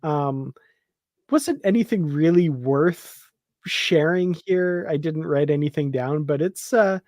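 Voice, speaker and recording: Guy chatting about a show he loves, slow and laughy, dry close mic. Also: fairly high pitch, a little mellow, no room sound. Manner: enthusiastic, laughs often, many fillers. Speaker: podcast co-host. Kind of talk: casual fan discussion.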